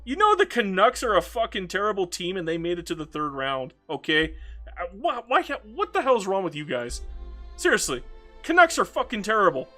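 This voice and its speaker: A man's voice: high-pitched, wildly swooping pitch, a little fast, pushed and bright, soft background music. A man streaming a strategy game, chatting casually and ranting with frequent laughs and stammered restarts. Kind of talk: casual chat while gaming.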